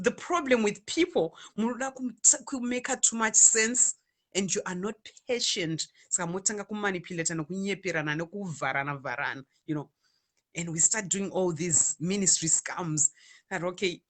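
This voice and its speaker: Zimbabwean woman host, bright voice, animated chatty delivery. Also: mid-range voice. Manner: animated, mixing Shona and English. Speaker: online radio DJ and ministry speaker. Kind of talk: casual talk to viewers.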